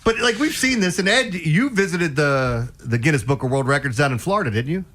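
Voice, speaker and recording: Male radio host, high and animated, riffing and laughing in casual studio banter. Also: a little fast.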